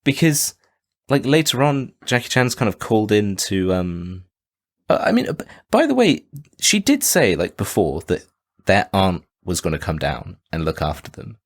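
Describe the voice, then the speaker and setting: A man co-hosting a podcast in casual chat about a film, animated and jokey. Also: lowish voice, normal speed. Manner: animated, jokey, quotes characters in silly voices. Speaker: podcast co-host.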